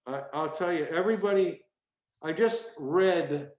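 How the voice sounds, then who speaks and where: A man's voice: fairly high pitch, unhurried. A man in his sixties, a stand-up comedian, tells stories from his career in an interview and acts out bits of his old act. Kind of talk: storytelling interview. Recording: echoey room.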